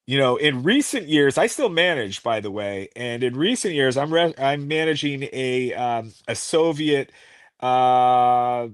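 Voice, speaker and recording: In a clean, dry studio recording, a middle-aged man from the United States spins wrestling anecdotes as an interview guest. His mid-range voice is expressive and smooth, moving at a measured pace, and his casual storytelling rambles with plenty of fillers.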